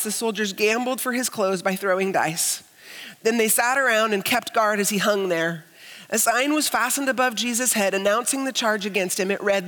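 Lady pastor preaching, bright clear voice, goes quiet then builds up big, long echo like a big church. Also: fairly high pitch. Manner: earnest preaching that swells from hushed to emphatic. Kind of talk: sermon. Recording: long reverb of a large hall.

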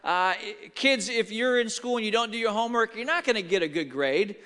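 A man's voice: sits high, animated, a little fast, bright, forceful tone. A middle-aged male pastor delivering a sermon in a church sanctuary, telling stories animatedly and acting out the quotes. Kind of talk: sermon with storytelling. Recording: long hall reverb.

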